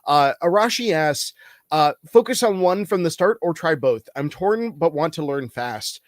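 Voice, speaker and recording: An upbeat man with a fairly high voice hosts a casual interview over a video call. His audio is dry, and he laughs easily between questions. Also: expressive, unhurried, no echo. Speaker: host.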